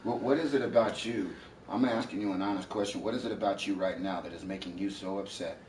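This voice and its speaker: A deep-voiced man lectures and confronts someone at home, profane and insistent. He sits away from the mic in an echoey room. Faint noise hums underneath. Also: fast, darkish tone, recorded from a distance. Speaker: live streamer. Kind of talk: heated domestic argument. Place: at home, indoors.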